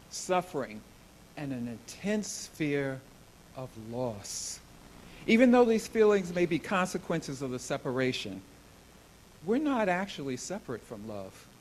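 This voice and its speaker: A man reading a spiritual book excerpt aloud to a congregation. He reads very slowly and earnestly, his voice sitting a little high for a man, with a faint hum of room ambience behind him. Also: darkish tone, rough recording. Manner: slow, earnest, deliberate reading. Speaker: guest reader at a spiritual service.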